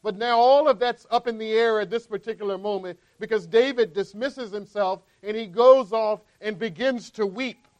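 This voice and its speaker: High-voiced man preaching a sermon. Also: moderate pace, few pauses, darkish tone, muffled recording. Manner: conversational preaching, frequent "right?" tags. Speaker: pastor.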